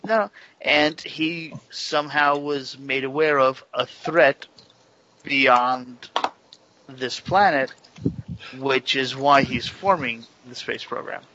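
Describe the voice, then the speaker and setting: A mid-pitched man co-hosts a radio talk show, halting and often restarting his sentences. His voice is bright and tense, heard dry on a dull, muffled line. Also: a little hiss or hum.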